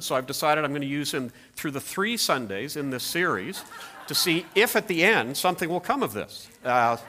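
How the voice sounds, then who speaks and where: A middle-aged man preaching a sermon, telling stories with playful asides. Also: mid-range voice. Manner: animated storytelling with playful asides. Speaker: pastor.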